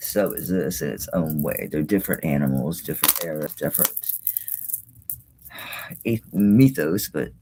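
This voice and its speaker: A woman's voice: a bass voice, unhurried, long pauses, dark tone, slight background noise. A middle-aged woman hosting a live jewelry sale, chatty and exclaiming, with mild swearing. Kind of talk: casual live-stream sales talk.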